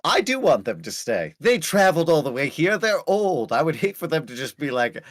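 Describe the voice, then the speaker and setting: A man playing a tabletop game in character, playful and expressive. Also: on the high side, normal speed, few pauses, dry recording, clean studio sound. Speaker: player. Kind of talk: casual tabletop role-play.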